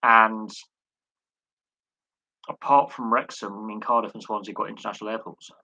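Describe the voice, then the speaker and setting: A man's voice: on the low side, steady tone, moderate pace, sharp tone, no echo, muffled recording. A man hosting a live sports chat stream, talking in a rambling way with many fillers and repeated words. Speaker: host.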